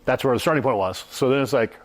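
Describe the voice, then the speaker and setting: A man's voice: medium pitch, quick pace. Male guest, loose rambling explainer, leans on "you know" and "kinda". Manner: rambling, many fillers. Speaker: product designer guest. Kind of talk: casual chat.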